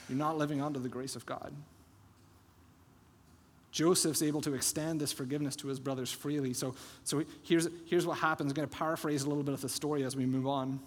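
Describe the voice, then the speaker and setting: A man preaching a sermon as pastor, telling a Bible story with lively acted-out quotes. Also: on the high side. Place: church sanctuary. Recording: long church hall reverb.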